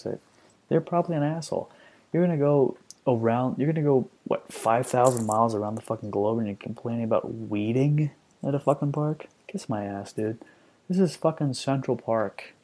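A man's voice: fairly low pitch, dark tone. A man in his thirties hosting a podcast, reacting to reviews in a profane, sarcastic, ranting way. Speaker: podcast host. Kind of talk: comedic ranting commentary.

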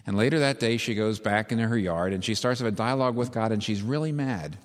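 A man's voice: on the low side, quick pace. A man preaching a sermon, retelling a story vividly and with emphasis before leading a prayer. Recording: long hall reverb.

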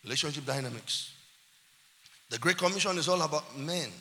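Preaching at a brisk clip, a Nigerian-accented male pastor moves between hushed asides and shouted peaks in a lively sermon. His voice is high, bright, and sharp, every phrase echoing with long hall reverb amid faint background noise.

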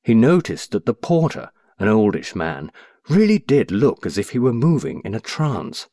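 A man with a very low voice narrates an audiobook in an expressive, measured way. His pitch moves in a lively way through the sentences. The recording is close and dry. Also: dry recording.

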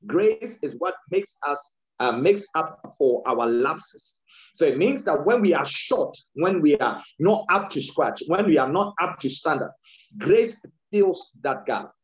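A man delivers a sermon in a somewhat higher voice whose pitch rises and falls freely. He repeats his key lines and slows down to stress words, and the recording sounds dull and lo-fi. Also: animated. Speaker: preacher.

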